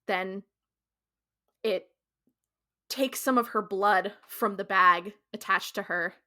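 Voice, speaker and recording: Bright-voiced woman recapping a TV episode. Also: mid-range voice, slow pace. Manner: animated storyteller, slips into quoted character voices; frequent "like" fillers, casual swearing. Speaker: podcast co-host. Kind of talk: casual podcast episode recap.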